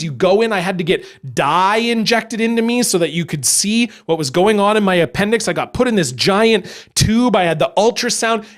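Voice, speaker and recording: A young man telling a story as a stand-up comedian, animated and acting out other people along the way. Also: high voice.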